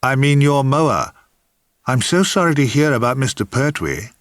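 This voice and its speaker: A man's voice: mid-range voice, animated, normal speed, no echo, studio quality, pitched above the performer's own voice, lightly acted. An older man reading aloud, voicing a solemn, awkward male fan with a thick voice in a storybook reading. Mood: earnest. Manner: solemn, earnest, slightly sad. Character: earnest, awkward middle-aged male fan.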